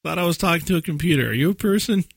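A man's voice: fairly high pitch, rapid-fire, gravelly, breathy edge, no echo, clean studio sound. A man co-hosting a podcast in casual chat, playful and rambling, laughing often as he tells stories. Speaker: podcast co-host.

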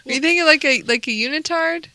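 A woman's voice: sits high, fast, bright, forceful tone, no echo. A woman co-hosting a casual gaming podcast, playful and teasing, often giggling. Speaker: podcast co-host.

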